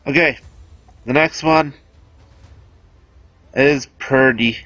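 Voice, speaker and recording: A man's voice: medium pitch, drawn-out words, a bit bright, no room sound, dull audio. A man giving casual, chatty, self-amused commentary over a video game as he explains weapons. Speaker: game guide host.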